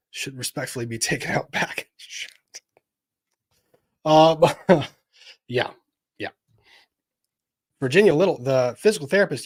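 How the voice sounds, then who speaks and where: Wry man reading chat on a live stream. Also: mid-range voice. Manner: wry, animated, jokey asides.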